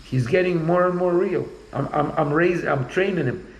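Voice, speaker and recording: A man's voice: fairly high pitch, normal speed, roomy sound, poor audio. A man in casual conversation, talking bluntly and rambling, often repeating himself.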